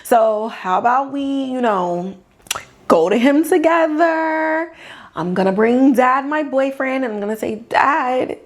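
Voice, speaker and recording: A woman's voice: high-pitched, slow. A woman voicing a hot-headed young male fighter who speaks with exasperated indignation. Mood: indignant.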